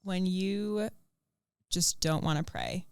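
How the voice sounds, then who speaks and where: A woman co-hosting a relaxed podcast and asking her guest easygoing questions. Her voice sits low with a gravelly fry. The recording is dry and close. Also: unhurried, no echo. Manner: relaxed, laughs easily, asks questions. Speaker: podcast co-host. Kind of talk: casual interview chat.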